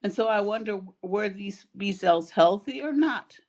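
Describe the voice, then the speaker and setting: A woman's voice: medium pitch, animated, moderate pace, a little mellow, muffled recording. A woman talking thoughtfully and asking questions, with many fillers, in an online support group. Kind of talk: casual video call chat. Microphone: video call.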